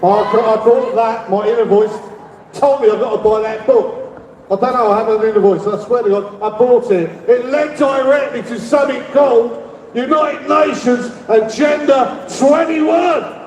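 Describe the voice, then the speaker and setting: A middle-aged man with a London accent giving a rambling rally speech as an activist, shouting demands and leading the crowd in call-and-response. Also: very high-pitched, moderate pace. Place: public rally. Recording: echoey, distant, with crowd noise. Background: faint crowd and ambient noise.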